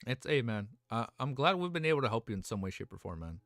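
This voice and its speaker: A young man streaming live who chats casually with viewers. He is excitable, peppers his talk with "bro" and "man", and turns earnest and consoling when things get serious. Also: medium pitch, quick pace, dry recording, clean studio sound. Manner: excitable, talks to chat with constant "bro" and "man". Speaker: livestreamer.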